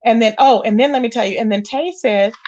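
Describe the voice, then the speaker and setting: A woman's voice: a little high, a little fast, darkish tone, dull audio. A woman hosting a casual live stream, chatting straight to her viewers and exclaiming as she goes. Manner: chatty, addresses viewers directly, exclaims often. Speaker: livestream gossip host. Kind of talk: casual live-chat commentary.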